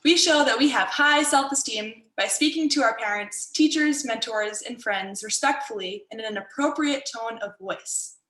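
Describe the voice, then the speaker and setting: A woman's voice: on the high side, normal speed, few pauses, pushed and bright, echoey room, rough recording. A woman martial arts instructor teaching an online workshop for kids in an upbeat, encouraging way, over a video call.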